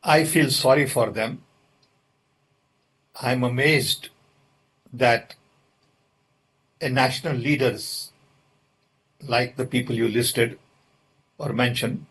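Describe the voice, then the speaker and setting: A man's voice: medium pitch, breathy edge. An older man, answering questions in an interview in an indignant, emphatic way. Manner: indignant, emphatic, deliberate pauses. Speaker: interview guest. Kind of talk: political interview.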